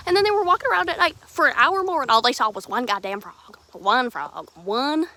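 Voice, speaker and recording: Bright-voiced young woman telling a rambling story. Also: high voice, fairly quick, hardly any pauses, a little hiss or hum. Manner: rambling, swearing, restarts and fillers; lively, jumping from loud to hushed. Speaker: podcast host. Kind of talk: casual storytelling.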